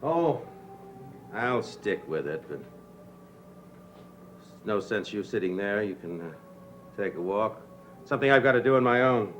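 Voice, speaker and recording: A man's voice: fairly low pitch, expressive, a little slow, long pauses, fairly bright tone, faint music behind, low-quality recording. An actor playing an anxious painter and father who hesitates and frets. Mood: frustrated. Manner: hesitant, many uh's, fretful.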